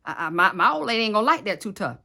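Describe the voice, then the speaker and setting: A woman voicing a nervous male relative who talks high and loud and stammers over his words. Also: big pitch swings, racing, gravelly, heavily acted. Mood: panicked.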